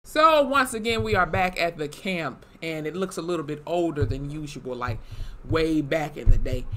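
A young woman casually recapping a TV episode, animated and profane, with lively asides. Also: low voice, moderate pace. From Wisconsin, USA. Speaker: YouTube TV reviewer.

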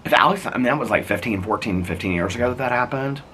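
A man in his fifties vlogs outdoors in his neighborhood, chatting in a meandering, storytelling way and laughing often. His mid-range voice is fast, pushed and bright. There is slight background noise and faint outdoor ambience with birds.

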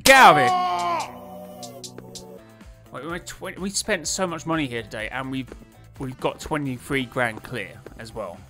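A man talks through his game in a loose, excitable way, muttering plans to himself and breaking into laughs. His voice sits at an ordinary middle pitch. Faint music plays underneath. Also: normal speed. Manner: chatty, excitable, self-talking with laughs. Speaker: gaming YouTuber. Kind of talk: casual gameplay commentary.

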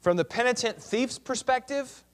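A man teaching a Bible lesson, reading scripture aloud with expressive, dramatic turns between loud cries and hushed words. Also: very high voice, normal speed.

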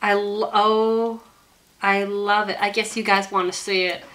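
Young woman unboxing a present, bright voice, slow and gushy, bit of hiss behind. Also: mid-range voice, flat delivery. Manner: gushing, breathless exclamations. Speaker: YouTuber opening a gift. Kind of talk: casual vlog unboxing.

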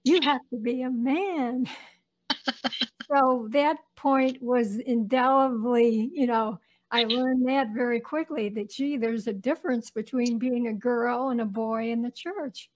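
A woman in her seventies, an interview guest recounting her own childhood in unhurried, reflective storytelling. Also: fairly high pitch, a little mellow, low-quality recording. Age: 70s. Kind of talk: personal storytelling.

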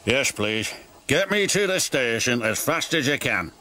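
A man's voice: mid-range voice, big pitch swings, unhurried, pushed and bright. A man voicing a fussy, flustered railway boss. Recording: studio narration with music behind.

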